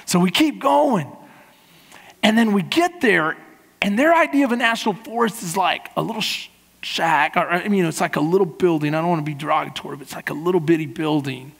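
A man preaching as a pastor, telling a funny travel story in a lively way and acting out the people in it. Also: high voice, brisk, gravelly. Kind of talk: sermon with a humorous travel story. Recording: long hall reverb in a church.

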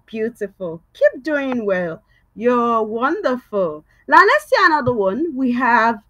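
Bright, lively woman teaching young kids. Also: high-pitched, slow pace. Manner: sing-song, coaxing, repeats words loudly for kids to echo. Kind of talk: children's reading lesson.

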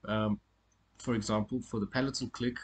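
A man giving a casual spoken lesson on pronunciation, often halting and repeating words as he corrects himself. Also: lowish voice, steady tone, a little hiss or hum. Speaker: language teacher.

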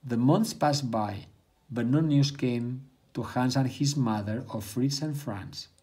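A man reading a bedtime story aloud in a calm, measured way. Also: medium pitch.

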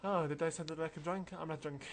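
A man's voice: a little high, fairly even intonation, normal speed, slight background noise. A man giving casual, rambling commentary over a role-playing game walkthrough, mumbling through asides. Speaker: let's play narrator.

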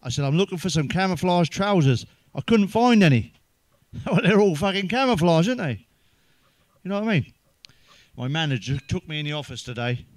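An English stand-up comedian fires off crude one-liners, swearing freely and chuckling at his own punchlines. His voice sits a little high for a man. The sound is dry and close, with no room echo. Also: darkish tone. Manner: swears heavily, laughs at his own jokes; sips a drink between jokes.

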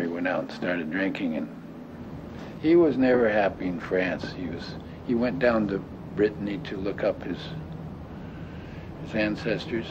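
An older man reminiscing in an interview, talking haltingly with many restarts and fillers. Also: low-pitched. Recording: dull lo-fi audio with clear noise.

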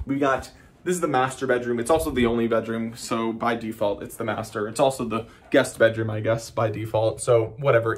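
A man giving a casual vlog tour of a hotel suite, rambling with sarcastic jokes and deadpan asides. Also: medium pitch. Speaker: vlogger.

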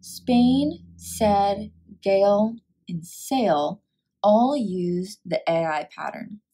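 A woman teacher reading a picture book aloud and walking through a phonics lesson, sounding out words clearly. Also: mid-range voice, extremely slow, mellow, slight background noise.

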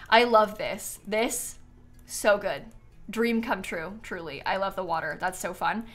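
A woman's voice: mid-range voice, unhurried, faint music behind. A woman chatting casually to viewers on a live game stream, bubbly and giggly, a bit tired and yawning.

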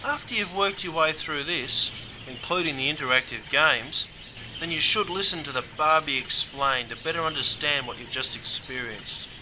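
A man's voice: fairly high pitch, normal speed, noisy background. A man with an Australian accent guiding learners through a language course in scripted narration, slangy and matey. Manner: slangy, matey, keeps saying mate. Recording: music bed under the voice. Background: music.

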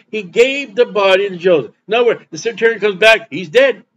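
A man's voice: high-pitched, expressive, a little fast, hardly any pauses, a bit bright, muffled recording. A man preaching a sermon as pastor, emphatic and repeating his points for stress.

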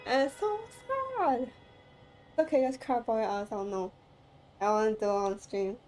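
A woman's voice: on the high side, animated, normal speed, a little mellow. A woman streamer commenting live on a game playthrough, teary after crying and rambling through emotional reactions to the story. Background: game music.

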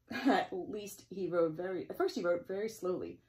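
A woman librarian reading a picture book to preschoolers, gentle and expressive, with chatty asides to the children. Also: fairly low pitch, moderate pace. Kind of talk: preschool story time reading.

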